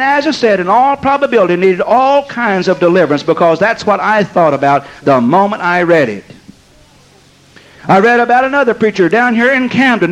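An older man preaching a sermon, telling stories in a folksy, emphatic way and drawing out key phrases slowly. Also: extremely high pitch, fairly bright tone, poor audio. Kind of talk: sermon with storytelling.

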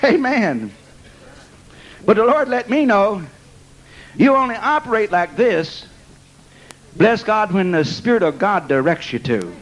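A man with a strikingly high voice delivers a sermon built around storytelling, scattering "amen," "bless God" and "praise God" through his testimony and laughing at his own tale. He speaks expressively and without hurry, pausing often, and the audio is lo-fi.

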